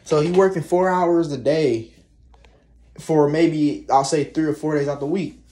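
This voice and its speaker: Sounding exasperated, a young vlogger rants casually and profanely, wandering from point to point. He speaks a little slowly, his voice on the high side and mellow.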